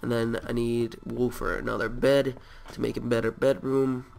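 This host has a cold, and his nasal, gravelly voice sits in the mid-range with a darkish tone. He rambles through gameplay commentary at a normal speed in a level, chatty, easygoing way.

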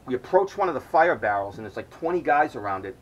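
A man's voice: medium pitch, very animated, fast, highs cut off. A middle-aged man hosting his own podcast, telling a long, rambling story full of swearing. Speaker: podcast host. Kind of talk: storytelling monologue.

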